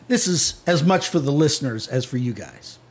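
A man running a tabletop game as game master, describing scenes casually with many pauses and fillers. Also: medium pitch, sing-song.

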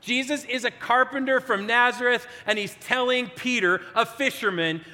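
A man's voice: very high voice, moderate pace, hardly any pauses, pushed and bright, in a large hall. A man preaching a sermon in a conversational, storytelling way, acting out quotes as he goes.

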